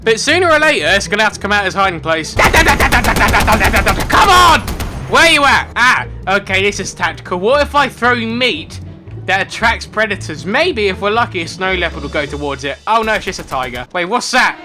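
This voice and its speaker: High, lively gamer shouting commentary. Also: male voice, normal speed, over music. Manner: excitable, yelps and shouts at surprises. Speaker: gaming commentator. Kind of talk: let's-play commentary.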